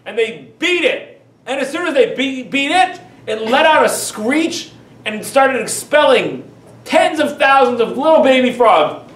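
A man teaching as a rabbi in an animated, emphatic lecture full of rhetorical questions. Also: extremely high pitch, a little slow. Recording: echoey room, far from mic.

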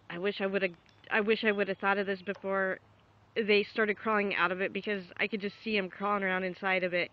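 A young woman outdoors on a dog walk, filming with a handheld camera and talking off the cuff, grossed out and repeating her exclamations, sometimes shouting for her dog. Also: medium pitch. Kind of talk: unscripted phone-camera commentary. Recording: dull lo-fi home video with faint background noise.

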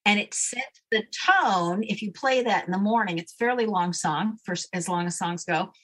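A woman's voice: mid-range voice, normal speed, fairly bright tone. A woman guest explaining a daily routine step by step in a firm, instructive way during a casual interview. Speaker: guest, name expert.

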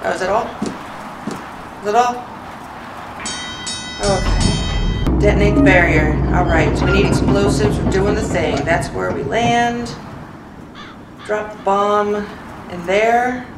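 A woman's voice: medium pitch, slow pace, long pauses, loud music behind the voice. A woman commenting on her own gameplay as she plays, talking to herself and swearing often in frustration. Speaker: gamer. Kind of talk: let's play commentary. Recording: echoey, distant mic, loud background noise.

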